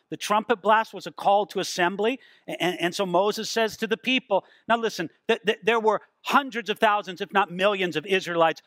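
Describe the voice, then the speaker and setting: Animated high-voiced male preacher. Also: no echo. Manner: animated preaching with acted quotes, dramatic slowdowns. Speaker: pastor. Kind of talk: sermon.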